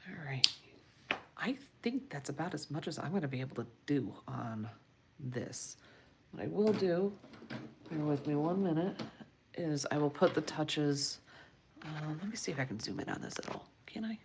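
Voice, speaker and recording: A woman comic artist streams a casual marker-drawing tutorial, guiding viewers in an unhurried, encouraging way while often muttering asides under her breath. Her voice sits low, and there's background noise.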